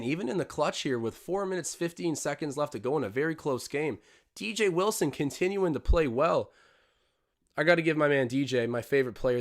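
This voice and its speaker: A young man hosting a live watch-along stream, commentating on a basketball game and getting excitable on big plays. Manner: excitable, jumps up in pitch and volume on big plays. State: out of breath. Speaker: livestream host doing game commentary.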